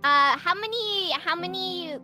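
A woman's voice: very high-pitched, measured pace, over music. A woman patiently walking a friend through a game step by step in casual chat. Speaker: guest teaching the game.

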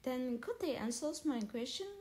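A woman reading as a gentle female moon from a children's storybook, curious and full of questions. her voice sits a little high and is read aloud plainly. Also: lively intonation, normal speed.

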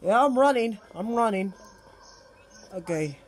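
A man's voice: high-pitched, animated, unhurried, a little hiss or hum. A young man giving casual gaming commentary, jittery and breaking into panicked outbursts. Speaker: game player.

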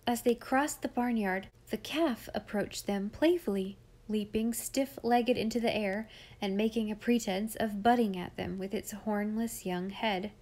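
A woman narrating a classic children's novel aloud in a measured, expressive reading. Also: mid-range voice. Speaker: audiobook reader. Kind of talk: scripted storybook narration.

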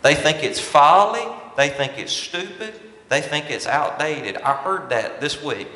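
This pastor's voice runs on the high side, bright and forceful, with lively intonation and a slightly slow delivery. He preaches from the pulpit of a large sanctuary, hammering and repeating key points, while the echoey hall adds long reverb.

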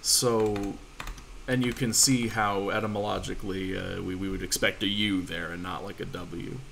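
Relaxed man teaching an online class. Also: deep voice, moderate pace, vocal fry, slight background noise. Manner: casual, reassuring, fillers and restarts. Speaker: language teacher. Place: home room, online voice call.

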